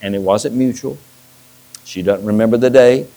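A man's voice: mid-range voice, normal speed, vocal fry, dark tone, rough recording. A middle-aged man, a pastor, preaching a sermon and telling stories with restarts. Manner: storytelling with restarts and acted-out quotes.

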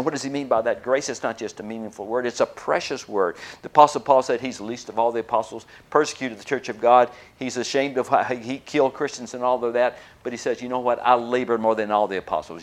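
Emphatic male preacher, loud-soft swings. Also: mid-range voice, brisk. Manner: frequent hesitations with uh and um. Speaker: pastor. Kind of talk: sermon.

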